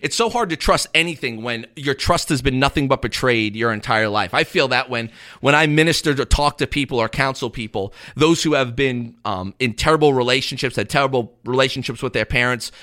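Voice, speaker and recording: A man, a pastor hosting a radio talk show, chatting and preaching in an animated way. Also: medium pitch, a little fast, hardly any pauses. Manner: animated, conversational, acts out quotes.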